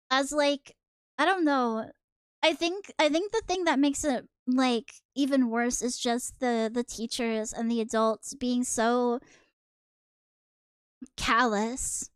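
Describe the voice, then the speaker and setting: A young woman streamer chatting casually through a manga reading, reactive and quick to laugh. Her voice sits high and light, close on the mic, with a dry sound and no room around it. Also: smooth, dry recording. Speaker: VTuber streamer.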